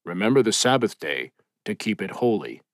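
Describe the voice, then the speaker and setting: Man voicing a calm, knowing devil. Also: fairly low pitch, dry recording, studio quality, pitched below the performer's own voice. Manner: measured, reciting.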